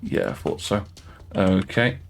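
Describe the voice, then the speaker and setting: A man's voice: sits low, sing-song, unhurried, vocal fry, soft background music. A man narrating as dungeon master, hesitant and full of fillers and restarts. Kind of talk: narrating a tabletop game.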